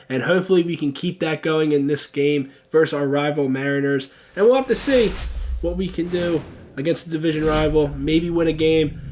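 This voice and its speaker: A young man giving casual commentary over a baseball video game, getting loud and excited at big plays. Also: high voice. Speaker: gaming YouTuber.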